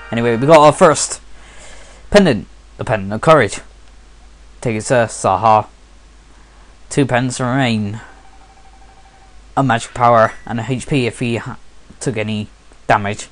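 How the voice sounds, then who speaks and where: A man's voice: medium pitch, moderate pace, long pauses, soft background music. A sleepy man giving casual let's play commentary, rambling and often stopping to correct himself.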